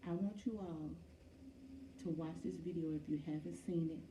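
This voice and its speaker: A woman's voice: low voice, fairly even intonation, normal speed, warm tone, a little hiss or hum. A woman vlogger earnestly retelling a story to her viewers with frequent fillers. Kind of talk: casual talk to camera. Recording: echoey room, from far off.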